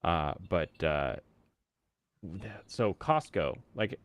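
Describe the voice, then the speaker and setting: A man hosting a casual online group chat, telling stories in an animated way and laughing often. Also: deep voice, takes it slowly, clean tone. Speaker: host.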